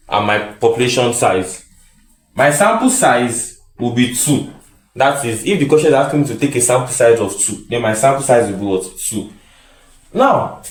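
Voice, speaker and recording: A man teaching statistics in a lecture style, repeating key phrases and answering his own questions. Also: medium pitch. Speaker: statistics tutor. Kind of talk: classroom lecture. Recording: echoey room.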